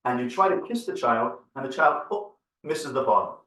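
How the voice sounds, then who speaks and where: A man speaking as a rabbi in an earnest, storytelling lecture, stacking phrase on phrase to drive each point home. His voice sits at an ordinary middle pitch. It reaches the mic from some distance and carries a lot of room echo. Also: animated, moderate pace, sharp tone. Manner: earnest, piles up repeated phrases for emphasis. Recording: roomy, from far off the mic.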